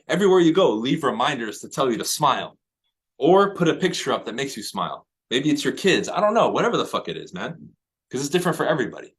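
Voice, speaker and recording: Casting: male real estate coach, mid-pitched, intense, profane, motivational. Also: fairly bright tone. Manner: profane, high-energy, emphatic. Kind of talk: motivational talk to agents.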